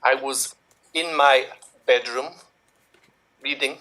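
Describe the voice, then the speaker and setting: A man's voice: medium pitch, fairly even intonation, slow pace, bright, forceful tone. A man playing a boastful, money-mad mustached character in a put-on Salvadoran accent, blustering and indignant in live improv.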